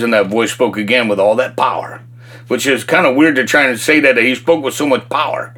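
An older man telling his faith testimony in a folksy, colloquial, animated way. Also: mid-range voice, quick pace. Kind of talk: casual faith testimony storytelling.

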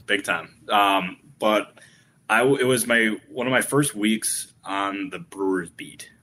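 A man's voice: fairly low pitch, slow, sharp tone, a little hiss or hum. A man co-hosting a live baseball podcast, talking in a wry, teasing way. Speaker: podcast co-host and baseball reporter. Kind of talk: casual live podcast chat.

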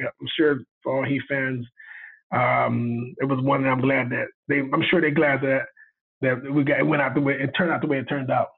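A man, a video director, tells a story in casual chat, animated and laughing as he acts out what people said. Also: medium pitch. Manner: animated, laughing retelling with quoted dialogue. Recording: tinny phone line.

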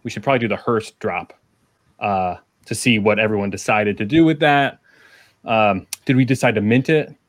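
Halting man on a podcast. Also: fairly low pitch. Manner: halting, starts sentences over with many fillers. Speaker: podcast co-host. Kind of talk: casual chat.

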